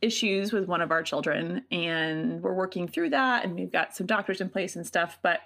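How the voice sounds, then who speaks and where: A woman in her thirties co-hosting a podcast, chatting casually and telling rambling, animated stories. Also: lowish voice, normal speed, gravelly. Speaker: podcast co-host. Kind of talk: casual chat.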